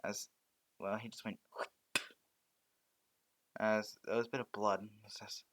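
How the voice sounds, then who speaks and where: A man narrating a fan story off the cuff, halting often with restarts and stumbles. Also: lowish voice, flat delivery, fairly bright tone.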